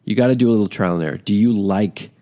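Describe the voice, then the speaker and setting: A man hosting a podcast, talking in a put-on extra-low, quiet voice in a rambling, encouraging way. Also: quick pace. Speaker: podcast host. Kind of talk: casual talk.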